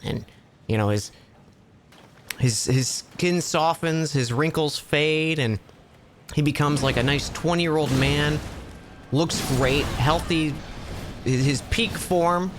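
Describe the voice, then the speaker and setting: A male streamer tells a long joke in casual live-stream chat, stopping and restarting his sentences as he rambles. His voice is mid-pitched, with faint background noise under it. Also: unhurried. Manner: rambling, self-interrupting storyteller.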